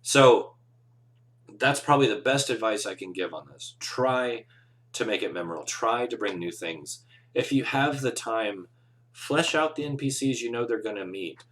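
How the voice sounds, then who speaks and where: A man's voice: mid-range voice, lively intonation, normal speed, fairly bright tone. A man who runs tabletop games, giving casual, earnest advice on a live show with encouraging, rambling talk. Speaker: game master, podcast host.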